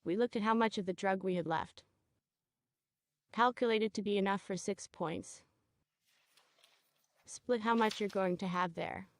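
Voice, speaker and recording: Woman teaching a beauty class hands-on, coaching a student through it, normal pitch, dry sound. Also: unhurried, long pauses, no echo. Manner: coaching a student step by step, checking in with short questions. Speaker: cosmetology instructor. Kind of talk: hands-on training demonstration.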